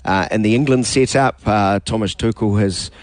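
A man hosting sports radio, talking through a match in a halting way with many restarts. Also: fairly low pitch, no room sound. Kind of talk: casual sports talk.

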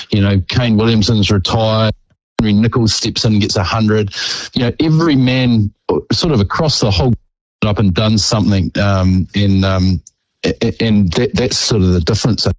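A middle-aged former cricketer with a New Zealand accent is being interviewed, his lowish voice steady and moderately paced. He sounds hesitant, full of ums and restarts, and the audio is poor though free of room sound.

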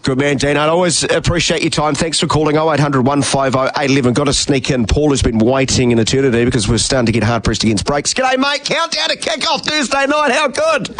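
A man's voice: medium pitch, steady tone, quick pace, hardly any pauses. A man with an Australian accent hosting talkback radio, chatting in a friendly, matey way with callers. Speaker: radio host.

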